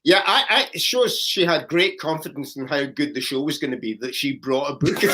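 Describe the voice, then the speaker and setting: A Scottish man from Edinburgh hosts a casual chat and spins his own gig story with lively energy. His voice is bright and fairly high, and it moves around a lot. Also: a little slow, a little hiss or hum. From Edinburgh, Scotland. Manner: lively, laughing anecdote telling.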